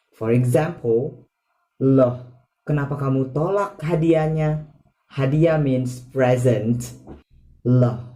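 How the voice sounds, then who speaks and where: Slow, mellow-voiced man teaching Indonesian. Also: mid-range voice. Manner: slow, halting explanations with example phrases. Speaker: language teacher. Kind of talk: casual language lesson.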